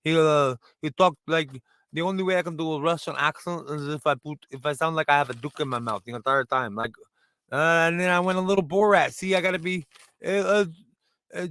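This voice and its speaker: Bright-voiced rambling comedian, high and crisp. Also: male voice, steady tone, a little fast, dry recording, studio quality. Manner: rambling, self-deprecating, restarts a lot. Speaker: stand-up comedian and host. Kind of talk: casual stand-up monologue. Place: room in front of a brick wall.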